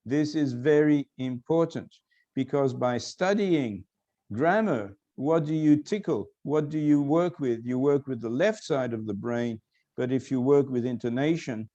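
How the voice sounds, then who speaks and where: A man giving a recorded lecture, explaining slowly and repeating key phrases for emphasis. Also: medium pitch, dark tone, highs cut off.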